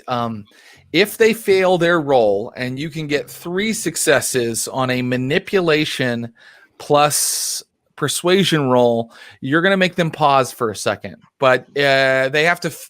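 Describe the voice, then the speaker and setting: A man acting as storyteller, running a tabletop roleplaying game in a relaxed way with many fillers. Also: mid-range voice, no echo, studio quality. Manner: relaxed, many ums and uhs.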